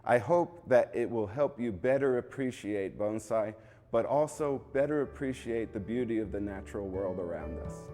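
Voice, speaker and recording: A man calmly explaining, an instructor giving a measured demonstration. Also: on the low side, long reverb tail, faint music behind. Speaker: bonsai instructor.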